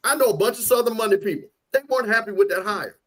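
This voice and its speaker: A co-host from Louisiana races through blunt, opinionated takes on a casual college football talk stream, repeating points for emphasis. His voice sits high and has a fairly bright tone.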